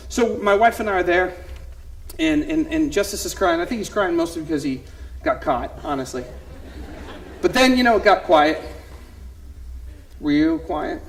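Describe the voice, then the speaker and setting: A man in his thirties, a youth pastor performing a one-man comedy show on stage, telling stories with big swings from quiet asides to loud exclamations. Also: high-pitched, animated, fairly quick, slight background noise. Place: theater stage.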